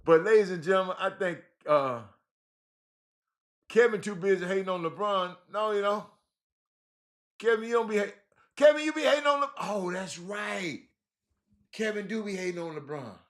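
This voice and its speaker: A middle-aged man hosting a casual sports talk show, animated and repetitive, shouting out listeners by name. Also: high voice, moderate pace, long pauses.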